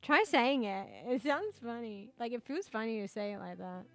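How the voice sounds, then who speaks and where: A woman's voice: a little high, lively intonation, moderate pace, no room sound. A woman streaming casually, reading chat and search results aloud, giggling often, swearing freely and repeating words as she tries out how to say them. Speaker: streamer chatting with viewers. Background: soft background music.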